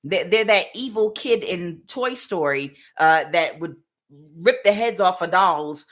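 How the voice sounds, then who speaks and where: A woman's voice: on the low side, animated, measured pace, a bit bright. A woman giving a casual spiritual tarot reading, speaking emphatically and directly to the listener. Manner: emphatic, repetitive, direct address. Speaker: tarot reader.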